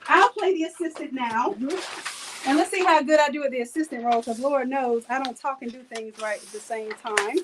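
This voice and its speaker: A woman's voice: high voice, moderate pace, background noise. A woman instructor leading a live hands-on printing demo, chatty and playful, joking with her viewers.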